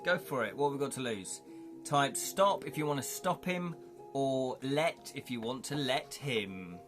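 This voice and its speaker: A man's voice: on the high side, fairly bright tone. A jovial man hosting a live stream, narrating an interactive game story and chatting with viewers. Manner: jovial, chatty, reads chat aloud. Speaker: streamer running an interactive gamebook.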